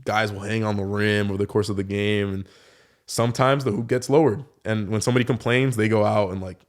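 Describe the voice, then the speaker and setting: A man's voice: on the low side, a little fast. Young man telling stories casually. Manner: relaxed storytelling, many fillers like "like". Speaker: guest, professional dunker. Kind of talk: casual podcast conversation.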